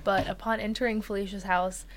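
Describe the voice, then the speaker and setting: Young woman co-hosting a true crime podcast, laid back, lots of "like" and "uh", mid-pitched voice. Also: fairly quick. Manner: relaxed, filler-heavy telling with frequent "like" and "uh". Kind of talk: casual true crime storytelling.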